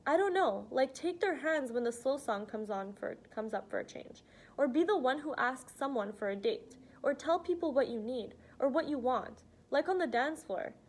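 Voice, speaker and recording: A woman voicing an earnest teenage girl who pleads softly but firmly, her voice a touch higher than ordinary. She presses her points with open feeling in an audiobook reading. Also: expressive, normal speed. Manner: earnest, pleading, soft-spoken.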